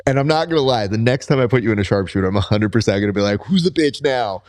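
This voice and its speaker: A man hosting a grappling podcast, telling stories in a casual, animated way and acting out his own reactions. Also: racing. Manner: animated storyteller, jumps high when quoting himself. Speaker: podcast host. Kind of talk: casual interview chat.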